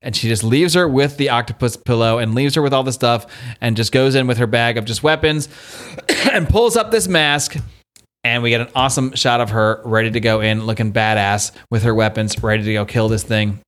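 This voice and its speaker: Animated man retelling a story. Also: mid-range voice, brisk. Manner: animated retelling, quoting characters, swears casually. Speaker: podcast host. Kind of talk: casual chat recapping a comic.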